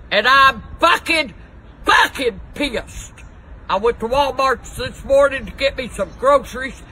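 Cranky older woman, sharp-voiced. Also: a little high, slight background noise, poor audio. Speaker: comedy vlogger doing mock news and weather reports. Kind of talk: profane comic rant to camera. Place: outdoors on a balcony.

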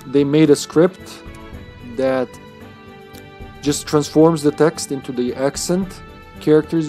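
A man's voice: medium pitch, a little mellow. A man streaming a video game live, chatting casually in a rambling way and chuckling often between thoughts. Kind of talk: casual live-stream chat while playing.

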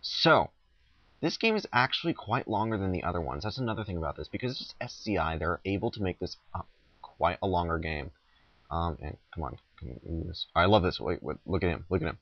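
Young male let's-play host, very deep voice, dry muffled recording, rambling jokey commentary. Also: expressive, a little fast, no room sound. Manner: rambling, self-interrupting, joking. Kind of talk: casual gameplay commentary.

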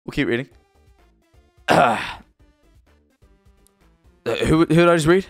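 A man's voice: on the high side, takes it slowly, gravelly, no room sound, faint music behind. A British man hosting a livestream, chatting casually, swearing now and then and reading out subscriber names. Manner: chatty and animated, swears, stumbles over names. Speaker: livestream host.

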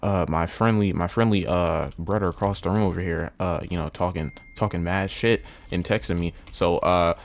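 A young man commenting casually on a video game at home, muttering low, then yelling when excited, repeating himself with lots of bro and man. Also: moderate pace, hardly any pauses. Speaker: gaming YouTuber. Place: at home indoors.

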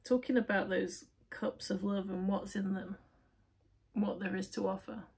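A woman's voice: medium pitch, little pitch movement, measured pace, creaky, darkish tone, breathy edge. A woman giving a casual tarot reading to camera, talking straight to the viewer and asking and answering her own questions. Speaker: tarot reader.

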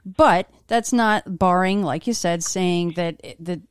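A woman's voice: fairly low pitch, slow, clean tone, dry recording, clean studio sound. A woman hosting an interview, telling a story in a chatty way with frequent restarts. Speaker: podcast host. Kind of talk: casual interview chat.

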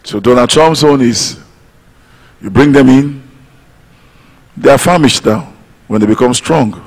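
A man preaching a sermon as pastor, emphatic, swinging from loud declamation to low quiet lines. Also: creaky, breathy edge, in a large hall, low-quality recording. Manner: emphatic, rising to declamation then dropping low.

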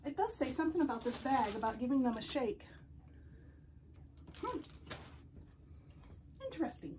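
A woman hosting a casual unboxing vlog at home, gushing and excitable as she talks to her viewers. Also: high voice, normal speed. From United States. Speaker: doll collecting channel host.

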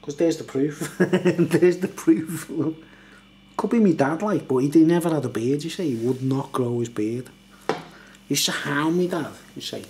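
A man's voice: a little high, normal speed, darkish tone, a little hiss or hum. An older man, a little tipsy, rambling and laughing as he reviews a beer late at night at home. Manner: rambling, chatty, laughs often.

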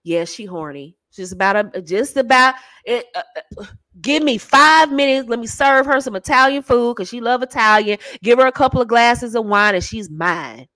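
A woman putting on a lowered voice to play a smug, scheming man who mocks and drawls. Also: normal speed, bright, forceful tone, no echo. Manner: mocking, drawling.

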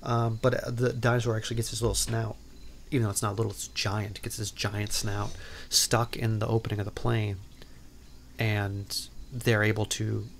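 Gravelly-voiced man rambling through a recap. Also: lowish voice, little pitch movement, moderate pace, a little hiss or hum. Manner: rambling, filler-heavy, lots of "like" and "um"; playful, self-interrupting asides. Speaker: podcast host. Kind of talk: casual movie recap.

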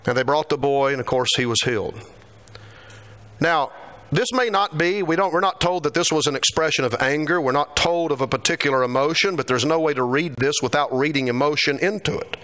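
A man preaching a sermon in a church, acting out quoted lines. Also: fairly quick. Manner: animated, acts out quotes with rising pitch.

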